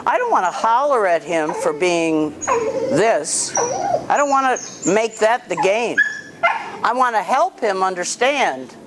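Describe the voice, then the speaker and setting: Woman dog trainer, firm and plain-spoken, unhurried delivery, noisy kennel recording. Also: mid-range voice, big pitch swings. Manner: blunt, firm, commanding to the dog. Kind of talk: hands-on training session, coaching an owner.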